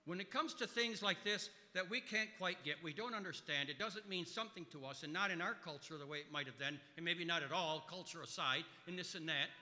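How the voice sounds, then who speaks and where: A man preaching a sermon, stressing key words loudly and then dropping into quiet asides. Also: fairly high pitch, brisk, few pauses, in a large hall. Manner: emphatic, swings between loud stresses and quiet asides. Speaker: pastor.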